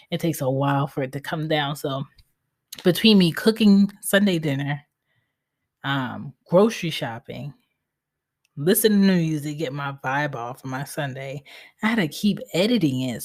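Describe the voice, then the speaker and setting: A woman with a low voice hosts a solo podcast from home, talking in a casual, candid way. She is blunt and swears freely as she talks through her own stubborn streak. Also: a little mellow. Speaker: podcast host.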